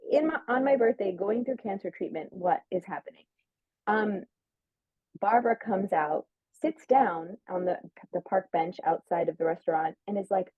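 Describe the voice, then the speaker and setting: Husky woman telling a story over a phone-like line. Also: medium pitch, animated, moderate pace, dry recording. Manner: chatty, full of "like", acts out quoted lines. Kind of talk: casual storytelling on a livestream. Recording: narrow phone-like sound, dry.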